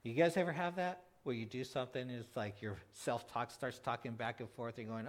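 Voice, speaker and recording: A man preaching a conversational sermon, animated, asking his listeners questions and acting out the people in the story. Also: medium pitch, moderate pace, few pauses. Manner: animated, asks the congregation questions; acts out quoted voices, with frequent restarts.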